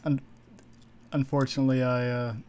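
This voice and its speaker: A man's voice: medium pitch, level tone, moderate pace, darkish tone, clean tone. A man streaming a shooter game, chatting casually with a co-player, joking and often restarting his sentences. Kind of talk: casual gaming banter.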